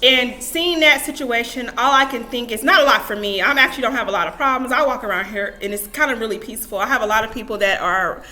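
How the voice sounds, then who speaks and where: Fast and with hardly any pauses, a young adult woman with a fairly high, bright, forceful voice gives emphatic vlog advice to camera. She's casual, repetitive, and prone to self-talk asides.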